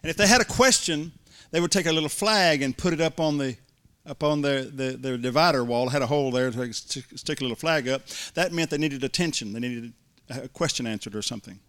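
A middle-aged man preaching, telling a folksy personal story from the pulpit with restarts and warm asides. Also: medium pitch, a little fast. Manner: folksy, building to excited shouts. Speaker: pastor. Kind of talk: sermon storytelling.

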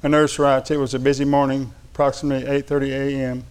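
A man's voice: medium pitch, flat delivery, quick pace, a little mellow, clean tone. A man preaching a sermon, reading funny anecdotes aloud and laughing along, then turning earnest. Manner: shifts between light storytelling and earnest preaching.

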